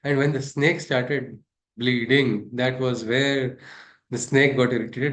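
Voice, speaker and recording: A man's voice: medium pitch, fairly even intonation, slow pace, fairly bright tone. A man teaching a scripture class, talking things through and asking his listeners rhetorical questions. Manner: discursive, asks rhetorical questions. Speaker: spiritual teacher.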